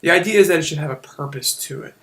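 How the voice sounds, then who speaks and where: A man with a bright, slightly high voice walks through a lesson over a shared screen. He talks casually and explains step by step, with fillers and quick self-corrections. The sound comes from a computer mic. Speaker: teacher.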